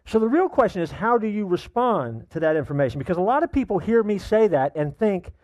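A man's voice: high-pitched, big pitch swings, a little fast, hardly any pauses, a little mellow, no echo, clean studio sound. A middle-aged male pastor preaching a sermon, emphatic, repeating key lines for weight.

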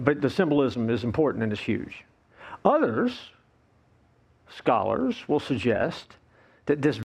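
Husky, lively man preaching a sermon. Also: mid-range voice. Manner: animated and playful, acts out voices of complainers. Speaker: pastor.

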